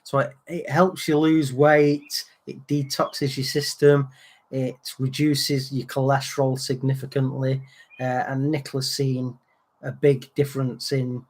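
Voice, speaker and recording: A man, co-hosting a relaxed livestream chat and telling anecdotes, acting out other people's lines. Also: medium pitch, unhurried. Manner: chatty storyteller, acts out other people's lines. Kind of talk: casual chat.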